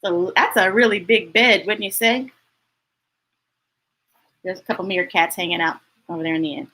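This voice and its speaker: An American woman reads picture books aloud to young children, laughing often and chatting with her listeners between pages. Her mid-range voice is bright and forceful at a moderate pace, with slight background noise.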